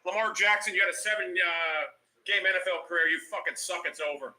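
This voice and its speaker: A man's voice: high voice, fast, pushed and bright, echoey room, poor audio. A man giving profane, mocking reaction commentary on game footage, laughing and cursing as he talks.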